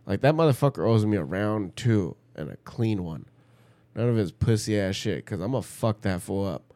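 A man's voice: fairly low pitch, expressive, normal speed, mellow, dry recording. A man telling a heated, profane story in casual chat, acting out what others said.

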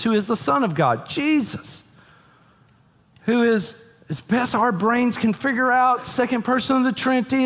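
A man, a pastor, preaching an emphatic sermon and leading the congregation to read verses aloud with him. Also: high-pitched. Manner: emphatic, repeats phrases, leads the congregation to read along. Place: church sanctuary. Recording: long reverb of a large hall.

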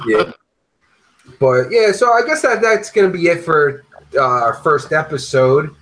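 A man's voice: on the high side, expressive, unhurried, a bit bright, low-quality recording. A man hosting a podcast, chatting casually and ranting bluntly with lots of swearing. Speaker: podcast host.

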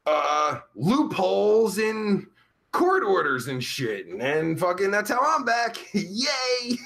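Man doing a vulgar rambling streamer, bright tense voice, unhurried. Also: high-pitched, big pitch swings, exaggerated voice. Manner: profane, crude, rambling. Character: crude vulgar man livestreamer, Pervert Pete. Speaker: livestream host. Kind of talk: live chat comedy stream.

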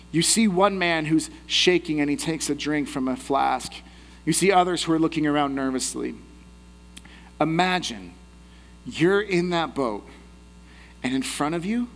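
Guy giving a sermon, kinda high voice, lots of hall echo, paints scenes for you. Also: a bit bright. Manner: storytelling, draws listeners into imagined scenes. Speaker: pastor.

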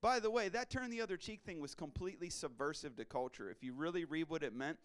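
Male pastor, middle-aged, preaching in church: clear, resonant voice set a bit high, slangy and high-energy with the congregation. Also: quick pace. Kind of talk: sermon.

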